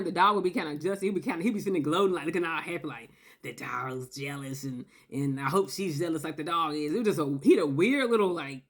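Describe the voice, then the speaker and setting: Animated woman telling a personal story. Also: on the low side. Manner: animated, acts out quotes, tags lines with "okay?". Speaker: video creator. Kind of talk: casual storytelling monologue.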